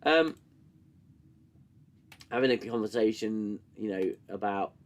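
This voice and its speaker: A man with a fairly low, slow voice hosts a live-stream review of a TV show. He is sarcastic and swears, reads chat and mocks scenes, and keeps getting interrupted by coughing fits.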